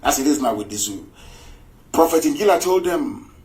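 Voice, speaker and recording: A man's voice: a little high, lively intonation, normal speed, a little mellow, poor audio. A man giving an impassioned live radio broadcast, scornful and mocking and repeating himself for emphasis. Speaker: political broadcaster.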